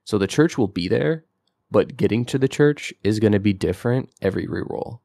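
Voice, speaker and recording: Young man, low voice, gravelly, casual game chat, lots of fillers, dry close sound. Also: lively intonation, brisk, warm tone, no echo. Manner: rambling, filler-heavy, enthusiastic. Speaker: podcast co-host.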